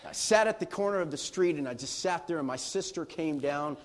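A man's voice: on the high side, expressive, fairly quick. A middle-aged man, a pastor, telling a personal story in a sermon with laughter and acted-out quotes.

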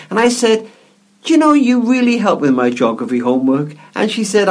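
A man, a guest author and speaker, telling a story in an interview in a gentle, reflective way, often repeating words as he goes. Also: fairly high pitch, sing-song, brisk.

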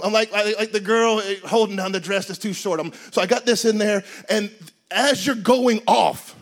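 A man preaching a sermon in a lively, comic storytelling way, with bursts of shouting. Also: high-pitched.

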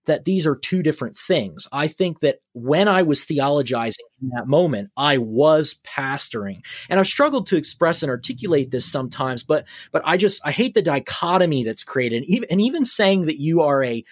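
A man who is a pastor, telling an anecdote in an animated way in a podcast conversation. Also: fairly high pitch, moderate pace, few pauses, dry recording, clean studio sound.

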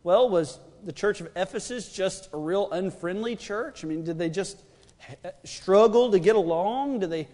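A high-voiced man preaches a sermon in a church sanctuary, his words ringing in a long hall reverb. He swings between quiet, low passages and shouted lines, stretching key words out for emphasis. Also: normal speed. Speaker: pastor.

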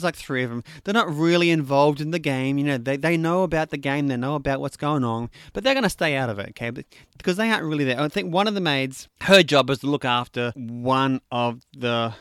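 A man's voice: on the high side, fairly bright tone, smooth, no echo, studio quality. A man casually reviewing a horror comedy film, rambling with lots of fillers and briefly acting out the scenes he describes. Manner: rambling, filler-heavy, acts out scenes in quotes. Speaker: movie reviewer.

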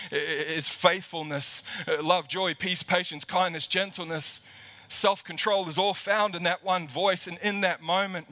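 Preaching to a camera in an empty church auditorium, a lead pastor delivers a livestreamed sermon in a fairly high, bright, forceful voice. His delivery is impassioned, with repeated words building emphasis.

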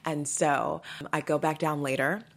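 A woman hosting a podcast, telling a story in a blunt, animated, casual way and swearing freely. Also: sits low, normal speed, gravelly. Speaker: podcast host.

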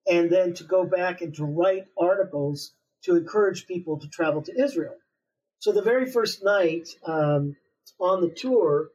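A man author being interviewed, telling a long story in a relaxed way with many fillers and pauses. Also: fairly high pitch, husky. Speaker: author guest. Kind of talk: conversational interview. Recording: distant, dull lo-fi sound.

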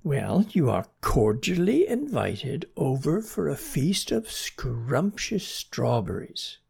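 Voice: medium pitch, sing-song, slow, creaky, darkish tone, breathy edge, exaggerated voice. A storyteller voicing a polite, hungry young male banana slug in a children's story. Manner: polite, hesitant.

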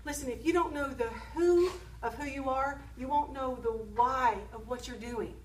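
A woman delivers an emphatic sermon, repeating phrases and checking in with her listeners. Her voice sits high and lively. It carries through a reverberant room, picked up from some distance with faint background noise. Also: normal speed. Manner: emphatic, repeats key phrases, asks the audience questions. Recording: echoey room, speaker away from the mic.

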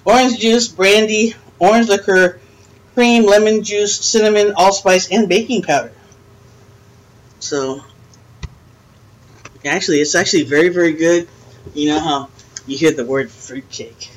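A woman's voice: lowish voice, low-quality recording. Chatty, teasing older woman. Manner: chatty, laughs often, teasing. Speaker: podcast host. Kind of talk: casual chat. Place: friend's house, dim room.

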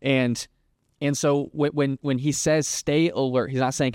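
Chatty young man with a smooth voice. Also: medium pitch, flat delivery, moderate pace, darkish tone, no echo, clean studio sound. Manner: conversational, filler-heavy, lots of "like", acts out hypothetical quotes. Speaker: podcast host. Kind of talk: casual Christian teaching monologue.

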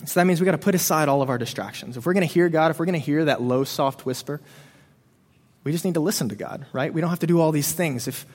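A man preaches in a relaxed, conversational sermon aimed at students, telling a scripture story in his own everyday words. He speaks at a brisk clip and leans on casual fillers. His voice carries a long reverberant tail, as if recorded in a large hall. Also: a little high. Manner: conversational, retells the story with frequent "um" and "you know".

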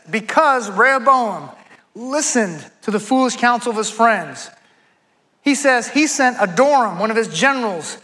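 Guy preaching a sermon, really high voice, bright and punchy, chatty retelling of scripture. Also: poor audio. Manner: conversational, retells scripture in casual speech. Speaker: pastor.

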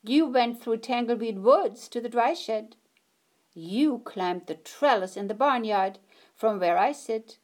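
A woman voicing a gentle old grandmother whose voice is soft and steady, read aloud as part of a storybook. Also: on the high side, a little slow, close to an everyday voice. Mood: encouraging.

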